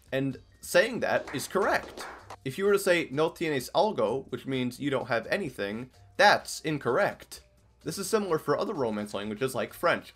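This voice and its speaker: A man's voice: mid-range voice, fairly bright tone. A man from Iowa, narrating an educational video in a casual, joking way. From Iowa, US Midwest. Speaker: video essay host. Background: faint background music.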